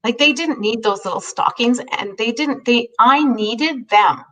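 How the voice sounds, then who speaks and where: A woman telling a heartfelt personal story in a halting way, often restarting her sentences. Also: fairly high pitch, fairly bright tone, recorded from a distance, poor audio. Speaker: host.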